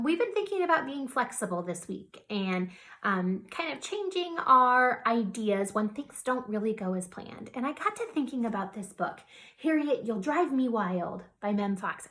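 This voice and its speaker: A female teacher reads a picture book aloud to young children in a medium-pitched voice. Her delivery is gentle and soothing, with soft whispered asides.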